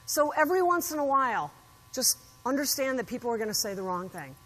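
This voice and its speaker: A woman keynote speaker with a high voice tells stories to a conference audience and acts out the quotes with plenty of animation. Her voice carries through a large hall with a long reverb tail. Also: brisk. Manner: animated storyteller acting out quotes. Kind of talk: motivational keynote speech.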